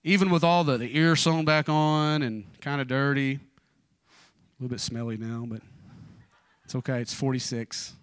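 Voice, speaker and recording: A man in his forties preaching an evening church sermon, telling personal stories informally with joking asides, and dropping low and fervent in prayer. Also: fairly even intonation, normal speed, clear, resonant tone, no room sound. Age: 40s.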